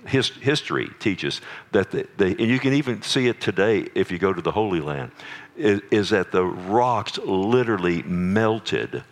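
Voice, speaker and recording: A man preaching a sermon as pastor, reading scripture aloud with earnest, dramatic emphasis into a church microphone. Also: lowish voice. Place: church sanctuary. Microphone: microphone on a sound system.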